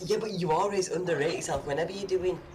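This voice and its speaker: A man's voice: high voice, fast talker. A man co-hosting a live game stream, reading out the chat and teasingly pushing his friend. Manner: teasing, pushy, eager. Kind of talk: casual live stream banter.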